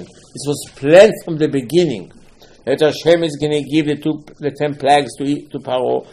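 Man giving an animated, dramatic Torah sermon. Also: on the high side, slight background noise. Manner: dramatic, swings from loud exclamations to hushed asides, voices characters in dialogue. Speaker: rabbi giving a Torah class.

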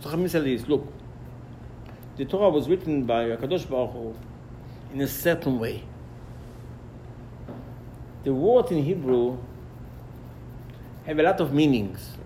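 A man teaching a Torah lesson in an animated way, acting out dialogues and repeating himself. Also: mid-range voice, a little slow, pauses often, slight background noise.

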